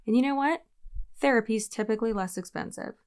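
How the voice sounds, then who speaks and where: A woman's voice: on the high side, fast, darkish tone, clear, resonant tone. A woman hosting a reaction video, giving sarcastic, exasperated commentary with a mocking edge.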